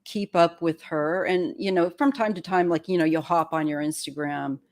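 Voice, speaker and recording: Lowish-voiced woman, 50s, chit-chatting on a home live stream, lots of restarts. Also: moderate pace, darkish tone. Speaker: tarot channel host. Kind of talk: casual live-stream chat.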